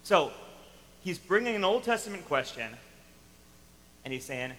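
Bright-voiced man preaching a sermon. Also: high-pitched, a little slow, pauses often, long reverb tail, rough recording. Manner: animated, emphatic, acts out quotes. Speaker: pastor.

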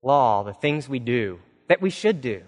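A man's voice: medium pitch, big pitch swings, a little slow. A male pastor preaching a sermon in a conversational, storytelling way with touches of humor and casual fillers. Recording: long reverb of a large hall.

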